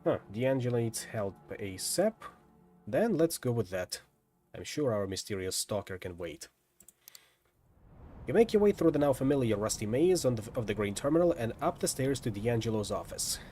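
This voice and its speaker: A man streams a visual novel, reading the story aloud in lively, lightly dramatic narration with casual asides. His voice is medium-pitched at a normal speed, with faint music behind.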